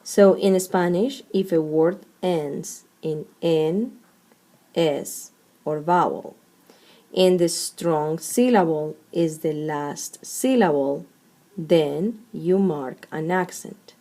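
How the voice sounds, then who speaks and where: Slow, mellow-voiced woman teacher. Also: sits low. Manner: deliberate, spells out syllables one at a time. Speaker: Spanish teacher. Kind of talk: explaining a lesson step by step.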